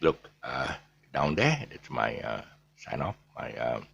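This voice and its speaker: A man with a deep, low-pitched voice and a gravelly edge teaches pronunciation in a loose, unscripted way. He stops often for fillers and restarts, and spells out letters as he explains. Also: very animated, slow pace, fairly bright tone. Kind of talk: casual pronunciation lesson.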